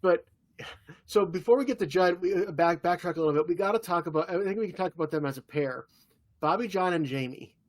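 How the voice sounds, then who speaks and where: High voiced guy on a tv podcast, chill, lots of yeahs. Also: fast. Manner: relaxed, agreeable, with frequent short yeahs. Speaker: podcast co-host. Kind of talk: casual chat.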